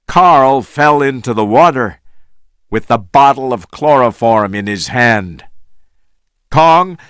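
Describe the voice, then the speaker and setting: A man reading a story aloud for English learners, slow and deliberate. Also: medium pitch, no echo, clean studio sound. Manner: slow, deliberate, lively intonation. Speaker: story reader.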